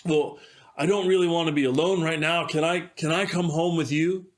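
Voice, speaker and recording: A man's voice: fairly high pitch, steady tone, normal speed, close to an everyday voice. A man doing a sly, lonely demon. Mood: coaxing. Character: tall hissing male demon, sly and lonely.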